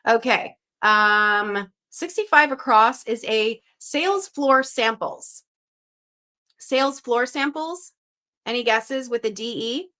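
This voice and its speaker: A young woman hosts a live stream in a chatty, upbeat way, calling out viewers' guesses as they come in. Her voice sits a little high and sounds sharp and bright. She is from Western Canada. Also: takes it slowly. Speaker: live-stream puzzle host. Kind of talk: casual live-stream chat.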